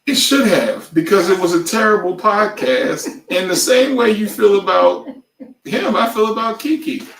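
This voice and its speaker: A man co-hosting a podcast in casual chat, animated and prone to loud outbursts and impressions. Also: sits high, measured pace, creaky, reverberant, recorded from a distance. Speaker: podcast co-host.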